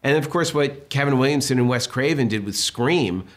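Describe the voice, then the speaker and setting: A man, a film director being interviewed, telling stories in an animated, enthusiastic way. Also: mid-range voice, normal speed. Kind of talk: casual interview talk.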